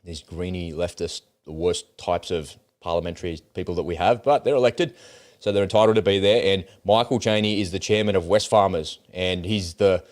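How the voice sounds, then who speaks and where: A man's voice: low voice, steady tone, normal speed. An Australian man co-hosting a podcast, giving blunt, heated opinions in casual chat and swearing freely. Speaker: podcast co-host.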